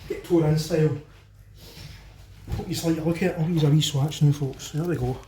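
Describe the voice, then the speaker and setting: Glasgow guy cooking in his kitchen, bit higher voice, mellow tone, echoey room w faint noise. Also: brisk. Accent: Glaswegian Scottish. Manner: chatty, exclaims over the food, talks to viewers as folks. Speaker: home cooking vlogger. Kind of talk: casual cooking commentary to camera.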